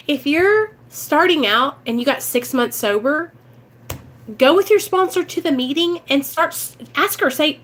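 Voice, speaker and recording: A woman's voice: high voice, expressive, measured pace, a bit bright. A woman with a Midwestern American accent talking earnestly and emotionally to her viewers in a casual livestream chat about recovery. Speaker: recovery vlogger.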